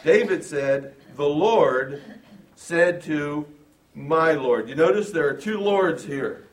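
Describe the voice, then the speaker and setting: Man, preacher, Bible sermon, fairly high voice, emphatic, asks the crowd questions, church room, distant mic. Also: expressive, slow. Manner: emphatic, shifts from quiet to loud, asks the audience questions. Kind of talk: sermon, verse-by-verse Bible teaching. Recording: roomy sound from a distance.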